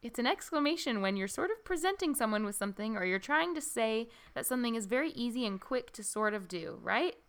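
A woman's voice: on the high side, lively intonation, brisk, few pauses, clean tone. A woman co-hosting a casual book podcast, chatty and giggly with lots of fillers. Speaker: podcast co-host. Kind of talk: casual book discussion chat.

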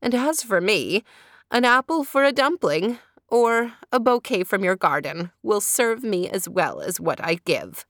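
A woman's voice: medium pitch, big pitch swings, unhurried, dry recording, clean studio sound. A woman reading as a cheerful old peasant woman. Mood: contented.

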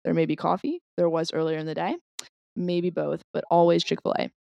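A woman's voice: lowish voice, a little fast, vocal fry, no echo, dull audio. A woman, co-hosting a podcast in casual, playful chat. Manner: giggly, playful, animated storytelling. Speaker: podcast co-host.

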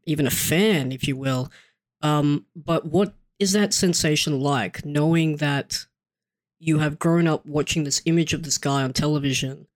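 A podcast host asking a long, rambling question with many restarts. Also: mid-range voice. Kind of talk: interview questions.

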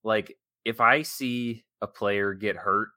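A man co-hosting a casual football podcast, his low voice bright and recorded dry and close. He talks in a wry, teasing way, with sarcastic asides. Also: fairly even intonation, takes it slowly, no echo. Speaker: podcast co-host. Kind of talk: casual sports chat.

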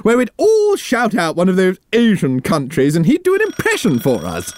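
A man's voice: high-pitched, wildly swooping pitch, normal speed. A man playing a pompous, bossy lord. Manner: pompous, snapping, impatient. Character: pompous upper-class English lord, bossy. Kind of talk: comedy sketch acting.

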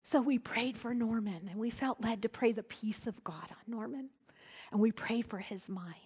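Middle-aged woman preaching, husky and a bit high, tells it earnest and goes soft and hushed sometimes. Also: moderate pace. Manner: earnest storytelling, drops to a soft hush at tender moments. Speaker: speaker at a church service. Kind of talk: storytelling sermon.

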